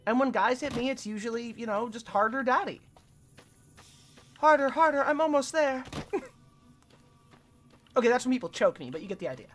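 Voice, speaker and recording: A young woman streaming herself playing a video game, excitable and swearing freely as she talks to the enemies on screen. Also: fairly high pitch, brisk, pauses often, soft background music. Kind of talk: casual gameplay commentary.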